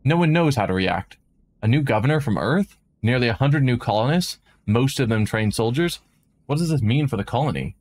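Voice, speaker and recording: A man streaming a game, reading a visual novel aloud with dramatic narration and quick asides of his own. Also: mid-range voice, lively intonation, darkish tone. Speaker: let's play streamer.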